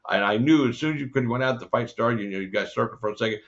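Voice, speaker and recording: A man's voice: mid-range voice, racing. A man hosting a casual interview, rambling with many fillers and frequent swearing. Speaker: podcast host. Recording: dull lo-fi audio.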